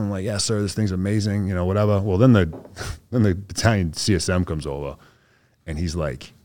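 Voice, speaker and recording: A man's voice: sits low, fast, a little mellow. A man, a soldier guest on a podcast, telling a story in a laid-back, slangy way and acting out what others said. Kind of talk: casual storytelling interview.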